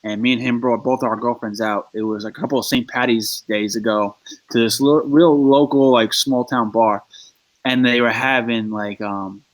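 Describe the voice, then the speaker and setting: A man's voice: mid-range voice, fairly even intonation, moderate pace. Laid-back man telling a story. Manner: laid-back storyteller, filler-heavy, swears. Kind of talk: casual chat.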